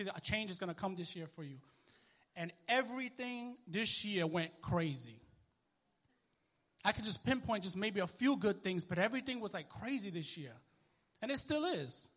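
A male minister preaches in an easy, conversational way, breaking into lively bursts as he works the room. His voice sits high and sounds bright and forceful. He keeps tossing questions back to his congregation. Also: normal speed, pauses often. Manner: animated, conversational preaching with sports illustrations and call-and-response. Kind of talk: sermon. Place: church.

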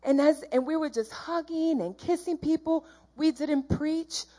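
Woman, church testimony; fervent, rambling, unhurried delivery, slightly high voice. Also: dark tone. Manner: rambling, earnest, jumps around. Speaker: church member giving testimony.

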